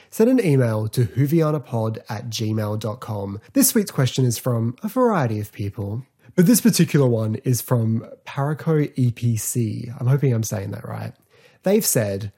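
A man's voice: medium pitch, mellow, breathy edge. A man hosting a podcast, chatting in a loose, rambling way about a TV show, full of fillers. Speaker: podcast host. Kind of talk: casual podcast review.

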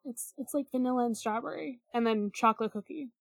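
High-voiced, rambling woman co-host. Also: quick pace, vocal fry, no room sound, studio quality. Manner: rambling, hesitant, many fillers. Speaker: podcast co-host. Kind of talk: casual podcast chat.

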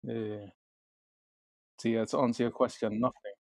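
A man's voice: mid-range voice, flat delivery, normal speed, creaky, darkish tone, no room sound. Teasing man, dry close sound. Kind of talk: casual chat.

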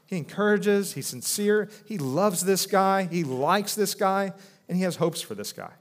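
A man in his thirties preaching from the pulpit, his voice sitting a little high for a man. He talks in an earnest, conversational way, restarting phrases often and dropping softer when he voices quoted speech. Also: lively intonation, unhurried. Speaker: pastor. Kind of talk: sermon.

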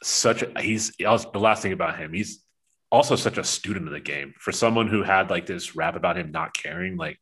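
A man's voice: sits low, brisk, fairly bright tone, husky. A man co-hosting a podcast, talking sports in an enthusiastic, rambling way. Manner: enthusiastic, rambling, laughs a lot. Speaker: podcast co-host. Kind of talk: casual sports chat.

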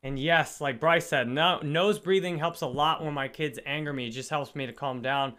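A man's voice: a little high, moderate pace, bright, forceful tone. A man hosting a casual livestream book discussion, talking earnestly and greeting viewers in the chat. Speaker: livestream host.

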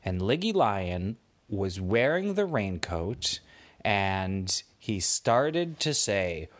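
A man making up a bedtime story for a child, taking his time over every sentence. His voice rises and falls a lot, playful and expressive, as he pulls the listener along. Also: lowish voice. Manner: slow, animated, playful voices. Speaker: parent telling a bedtime story.

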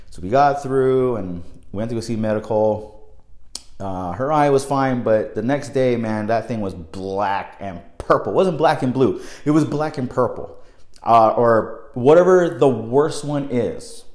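Young man, mid-pitched, casual storyteller, cursing freely, echoey room. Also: moderate pace. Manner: animated, profane, swings from quiet to loud exclaims.

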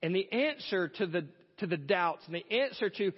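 A man's voice: sits high, expressive, fairly quick, few pauses, breathy edge, long reverb tail, highs cut off. A pastor delivering an earnest sermon, asking rhetorical questions as he preaches.

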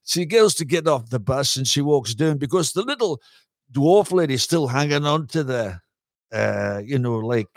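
A man's voice: mid-range voice, dry recording, studio quality. A man, a podcast host, telling a long, rambling story in a casual pub chat, full of fillers and swearing.

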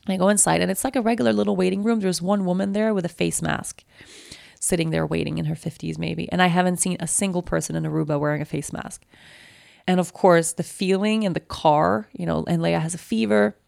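A woman's voice: on the low side, fairly even intonation, fairly quick, creaky, darkish tone, no echo, clean studio sound. A woman telling an anxious personal story, rambling with lots of restarts. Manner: anxious and shaken.

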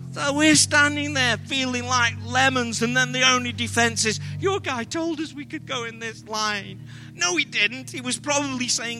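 A man's voice: very high-pitched, measured pace, pushed and bright, soft background music. An English man preaching a sermon, telling humorous, self-deprecating travel stories to his congregation. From Britain. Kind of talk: sermon with storytelling.

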